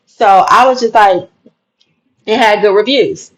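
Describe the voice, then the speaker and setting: A woman's voice: mid-range voice, a little slow, poor audio. Emphatic woman telling a story. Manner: animated, emphatic retelling with repeated phrases. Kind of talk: casual storytelling.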